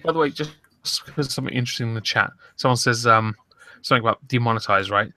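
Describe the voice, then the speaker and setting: Bright-voiced male stream host. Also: mid-range voice. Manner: rambling, swearing, fast bursts. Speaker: livestream host. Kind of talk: casual livestream chat.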